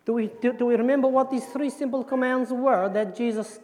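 A woman preacher with a fairly high yet darkish voice speaks a little fast and with fairly even intonation during a children's talk at church. Her sermon is playful, full of jokes and questions for the audience, and the church hall's echo is clearly heard.

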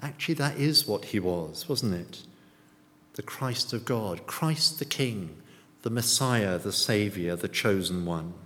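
A man's voice: lowish voice, expressive, measured pace, fairly bright tone. A man preaching a sermon in a church, often putting rhetorical and tag questions to the congregation. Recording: long church reverb.

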